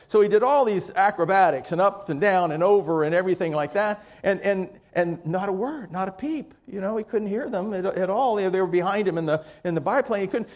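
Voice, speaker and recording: A male pastor preaching a sermon in a chatty, rambling way with many restarts, warming up with a joke. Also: sits high.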